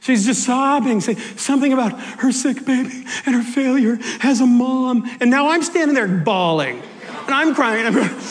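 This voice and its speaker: A male pastor telling a personal story in an animated, emotional sermon, ending in prayer. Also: very high voice, big-room sound. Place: church sanctuary.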